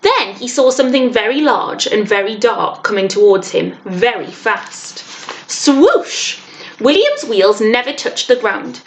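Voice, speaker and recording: A woman teacher reading a children's novel aloud with expressive storytelling. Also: fairly high pitch, normal speed, few pauses.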